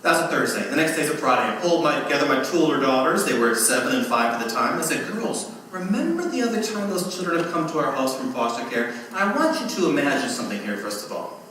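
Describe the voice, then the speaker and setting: A man giving a keynote speech, telling personal stories in an animated way and acting out the voices. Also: medium pitch, fast talker. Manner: animated storyteller who acts out voices. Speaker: keynote speaker. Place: event venue at a fundraiser. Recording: echoey hall, voice from far off, faint noise.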